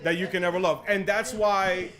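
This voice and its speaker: A young man hosting a podcast in casual chat, excitable and full of "yo", often restarting his sentences. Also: high-pitched, moderate pace, crowd noise. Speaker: podcast host.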